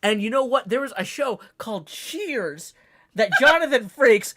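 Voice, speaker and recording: A woman's voice: a little high, lively intonation, a little slow, a bit bright. A woman streaming casually, chatting in rambling tangents and laughing often before reading a novel aloud. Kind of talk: casual live-stream chat.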